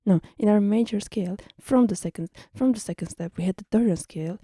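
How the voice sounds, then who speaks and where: A woman's voice: mid-range voice, brisk, mellow, husky, no echo, studio quality. A young woman teaching music theory in a casual online tutorial, chatty and teasing, often correcting herself mid-sentence.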